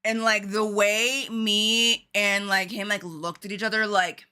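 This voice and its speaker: A woman streaming a game at home and telling a lively story to her chat, laughing often. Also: medium pitch, unhurried, clear, resonant tone. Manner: animated, laughing, chatty with fillers.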